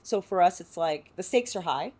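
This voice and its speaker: An actress from San Diego speaking as a podcast guest, reflective and heartfelt, with many filler words. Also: female voice, on the low side, animated, moderate pace, a little mellow. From San Diego, United States. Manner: reflective, heartfelt, full of "you know" fillers. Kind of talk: podcast interview.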